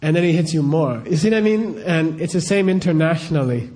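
Speaking fairly quickly, a middle-aged spiritual teacher uses a mellow, slightly high voice in a casual, conversational style sprinkled with rhetorical questions.

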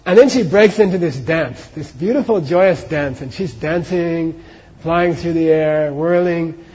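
A man's voice: on the high side, a little slow, darkish tone. Man telling a teaching story in a hall. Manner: casual, many asides like "you know" and "okay". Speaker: Buddhist teacher. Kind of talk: dharma talk storytelling. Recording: dull echoey hall recording.

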